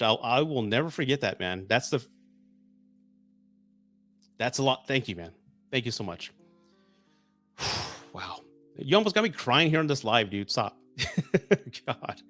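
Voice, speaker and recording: A man in his forties hosting a casual live stream, chatting excitedly and getting emotional when viewers send gifts. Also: medium pitch. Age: 40s.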